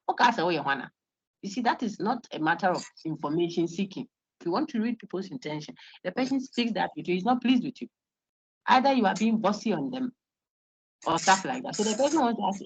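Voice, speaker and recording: A woman's voice: medium pitch, expressive, a little fast, slightly rough. A woman with a Ghanaian accent lecturing to a large online class. She repeats words and checks "okay?" as she explains. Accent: Ghanaian English. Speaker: university lecturer. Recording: dull lo-fi online call audio.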